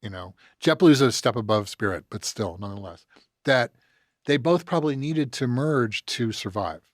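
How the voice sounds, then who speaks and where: A man's voice: medium pitch, normal speed, dry recording, clean studio sound. A man talking as a producer on a comedy news podcast, swearing freely and telling stories in casual chat. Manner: profane, animated storytelling. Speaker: producer and panelist.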